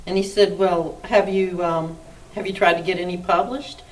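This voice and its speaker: A middle-aged woman from the South, an author telling animated anecdotes in an interview, acting out dialogue and laughing often. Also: lowish voice, normal speed. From Mississippi, US South. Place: arts council interview room. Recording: distant mic with faint background noise.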